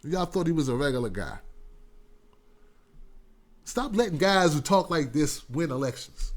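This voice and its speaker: A male talk show host giving casual political commentary, animated and repetitive, often laughing. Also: fairly high pitch, unhurried, long pauses.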